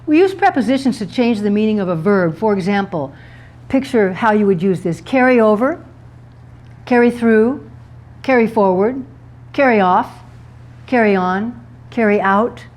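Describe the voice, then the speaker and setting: A woman's voice: medium pitch, lively intonation, moderate pace, a little mellow. A woman author giving a talk to a live audience about words, playful and laughing at her own wordplay.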